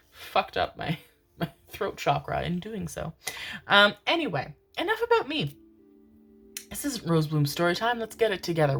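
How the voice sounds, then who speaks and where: A woman's voice: lowish voice, a bit bright. A woman giving a casual tarot reading, chatty and self-mocking, often calling her listeners "my darlings" and laughing at herself. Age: adult parent. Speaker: tarot reader.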